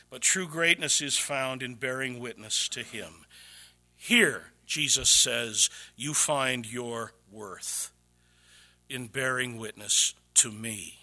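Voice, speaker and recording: Preaching in a church, a male pastor shifts dramatically between hushed, low-spoken asides and loud, raised exclamations.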